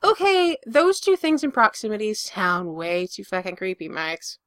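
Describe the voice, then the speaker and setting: A woman's voice: medium pitch, very animated, moderate pace, fairly bright tone, clean tone, no echo, clean studio sound. A woman voicing a weary young single father who talks anxiously and defensively. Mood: worried.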